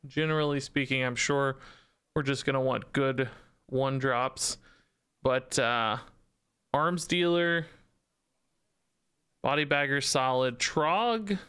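A man's voice: mid-range voice, slow, pauses often, sharp tone, smooth. A man streaming a card game, chatting casually, thanking subscribers and thinking aloud about his deck. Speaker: Twitch streamer. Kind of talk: casual live-stream commentary.

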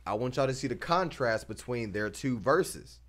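Animated man reacting to a rap track. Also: medium pitch, normal speed. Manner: animated, emphatic, slangy, laughs between points. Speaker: reaction video host. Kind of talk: casual reaction commentary.

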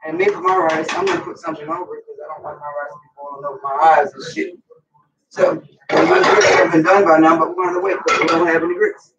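Here a middle-aged cooking vlogger with a Southern US accent talks fast and casually, cursing as he cooks at home for his viewers. His pitch is fairly high and his intonation fairly even. A far-off, dull microphone captures him in a roomy space, with a little faint noise.

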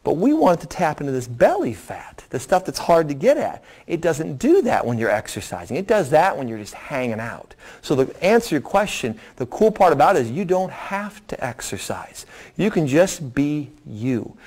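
A middle-aged man, a doctor, explains a program to a seminar audience and answers their questions in a lively, folksy way, acting out quotes. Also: fairly high pitch, moderate pace. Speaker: doctor presenting a weight loss program.

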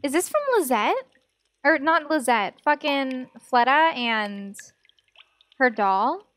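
Slow-talking, jumpy woman gaming streamer. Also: sits high, lively intonation, a bit bright, no room sound. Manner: jumpy, swears and laughs at scares. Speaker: let's play streamer. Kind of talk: casual gameplay commentary.

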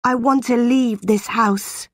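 A woman's voice: fairly high pitch, fairly even intonation, takes it slowly, no room sound, studio quality, pitched above the performer's own voice. A woman voicing a defiant ten-year-old orphan girl. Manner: defiant, earnest.

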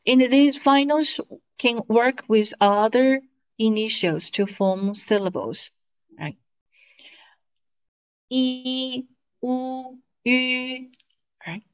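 Woman, language teacher, very slow drilling delivery, higher voice. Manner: slow, patient, repeats each syllable for drilling. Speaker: Mandarin teacher. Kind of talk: classroom pronunciation lesson.

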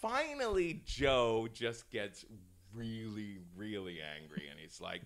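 A man's voice: on the low side, measured pace, creaky, slight background noise. A man, a comedian guest on a podcast, telling a story casually with lots of restarts, laughs and swearing. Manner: animated, restarts a lot, swears, laughs often.

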